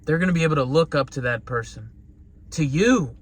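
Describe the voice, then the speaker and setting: Earnest higher-voiced man giving a motivational talk. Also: lively intonation, fairly quick, a little hiss or hum. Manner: earnest, rambling, salty language. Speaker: motivational speaker.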